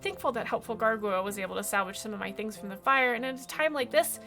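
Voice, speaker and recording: A woman's voice: fairly high pitch, fast, sharp tone, soft background music, voice pushed up. A woman voicing a timid young female sheep who knits clothing, fretful and pleading. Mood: tearful.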